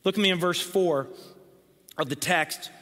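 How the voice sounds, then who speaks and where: A man's voice: high voice, unhurried, pushed and bright, in a large hall. A man preaching a sermon, emphatic, building lists and repeating words for weight, sometimes dropping almost to a whisper. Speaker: pastor.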